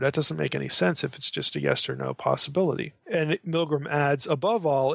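A man's voice: a little high, vocal fry, husky, dry recording, clean studio sound. A man giving an informal lecture on scripture, talking conversationally, often restarting phrases and reading passages aloud. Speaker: Bible scholar lecturing.

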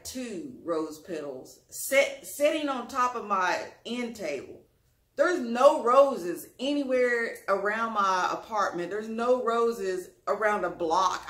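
A woman's voice: mid-range voice, a bit bright, echoey room. A woman vlogger telling a personal story in a casual, rambling way, often repeating her phrases and using colloquial grammar.

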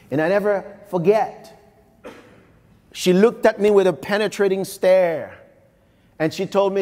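A man's voice: high-pitched, lively intonation, measured pace, a little mellow. A man from Haiti, giving a live motivational keynote speech and speaking emphatically, repeating phrases and addressing the crowd directly. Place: large conference hall. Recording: long hall reverb from a conference room.

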